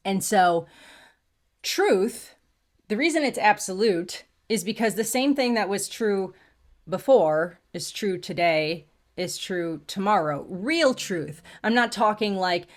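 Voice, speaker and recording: A woman's voice: lowish voice, unhurried. Earnest woman on a faith-based self-help talk. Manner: earnest, emphatic, quotes scripture. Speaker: host.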